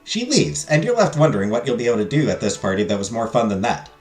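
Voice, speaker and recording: A man streaming a story game, reading its narration and chatting in an animated, rambling, self-deprecating way. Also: medium pitch, fast talker, reverberant, faint music behind. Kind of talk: casual game commentary and narration.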